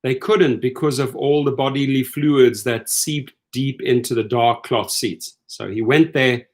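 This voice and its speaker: Speaking a little slowly in a mid-range voice, a middle-aged man hosts rideshare commentary as a casual rant. He sounds animated and incredulous, and he plays out what the people he quotes said.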